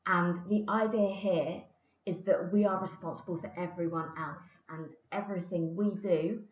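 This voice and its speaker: A woman's voice: on the low side, steady tone, normal speed. A woman English teacher giving a recorded lesson, explaining patiently with the odd filler. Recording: roomy, dull lo-fi recording.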